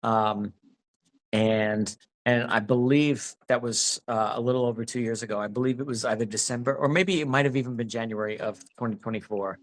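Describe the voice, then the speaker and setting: A man's voice: medium pitch, fairly even intonation, a little fast. A man being interviewed about his acting work, talking casually and rambling with many restarts. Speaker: actor, interview guest.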